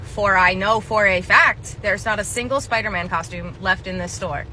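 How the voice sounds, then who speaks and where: A woman's voice: mid-range voice, fairly even intonation, moderate pace, few pauses, pushed and bright, slight background noise. A woman telling a comedic retail story and acting out the clerk, sarcastic and casual. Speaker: storyteller, former retail worker.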